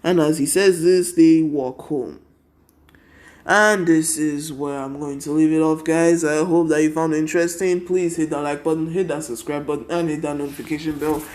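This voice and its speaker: A man's voice: on the high side, fairly even intonation, moderate pace, a little mellow. A tired young man casually narrating a fan story, rambling with constant 'and then' and 'he's like'.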